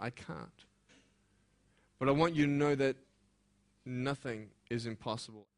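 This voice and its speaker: A young man delivers a motivational talk to a room of students. His voice is bright and forward. He sounds earnest and emphatic, dropping to a hush and then building to loud, urgent peaks. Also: mid-range voice, animated, moderate pace. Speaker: motivational speaker.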